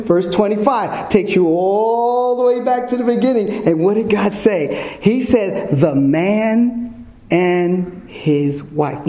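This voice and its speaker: A man delivers an informal sermon at an unhurried pace, his voice pitched high for a man and mellow in tone. He presses his points with emphatic rhetorical questions aimed at his listeners. The recording carries a noticeable echo from the room. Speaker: Bible teacher. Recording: echoey room.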